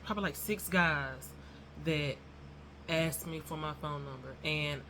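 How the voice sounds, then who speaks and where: Chatty woman vlogger, bright tense voice, rambles on to y'all about her week. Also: low voice, unhurried, slight background noise. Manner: self-described nervous and non-confrontational. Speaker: YouTuber. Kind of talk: casual storytelling vlog.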